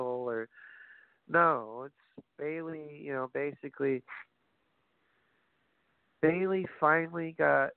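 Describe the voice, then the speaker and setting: A man ranting casually about wrestling, profane and animated, addressing his audience directly. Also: on the high side, takes it slowly, vocal fry, pauses often, no echo. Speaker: wrestling commentary host. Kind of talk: casual opinionated wrestling talk. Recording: phone-like lo-fi audio, dry.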